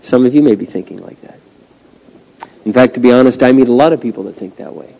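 A male pastor preaching a sermon, swinging from hushed, slow passages to loud, drawn-out climaxes. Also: medium pitch, vocal fry, lo-fi sound. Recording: long reverb of a large hall.

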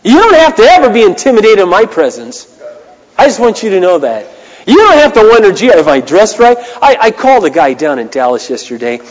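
A high-voiced male pastor preaches with wide, animated swings of pitch, moving from loud declarations to hushed asides. The sound carries a long reverb, as if preached in a big hall. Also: a little fast. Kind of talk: sermon.

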